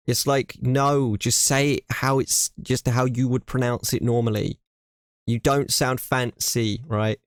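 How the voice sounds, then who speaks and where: An English man chatting on a stream, close to the mic in a dry room. He rants with animated emphasis, circling back over the same point, while his voice sits mid-range. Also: medium pitch, dry recording. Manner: ranting, animated, repeats himself. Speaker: streamer reacting to a video. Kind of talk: casual reaction chat.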